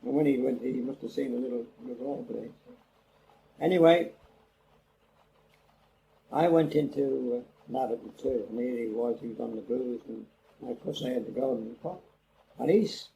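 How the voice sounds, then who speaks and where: On a rough old cassette with faint hiss, an older man from England rambles through an oral-history story, performing the quoted dialogue for his interviewer. He speaks at medium pitch and normal speed, mellow, with vocal fry and long pauses.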